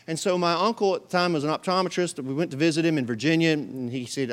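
A male pastor preaching a sermon to his congregation in an animated storytelling manner, with humor and acted-out voices. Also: fairly high pitch, fast talker, hardly any pauses. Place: church service with a live congregation.

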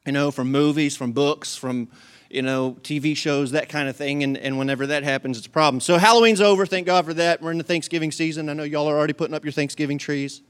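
A man preaches a sermon with a folksy, joking manner. His voice sits a little high and sounds smooth and clear. He stays animated from line to line. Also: quick pace. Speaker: pastor.

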